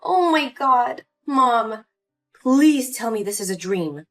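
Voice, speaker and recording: Casting: a woman playing a pleading young daughter, high-pitched and very expressive, faint music behind. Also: takes it slowly. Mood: upset. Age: young adult. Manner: pleading and indignant. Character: hurt young adult daughter, pleading and upset. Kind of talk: scripted story voice acting.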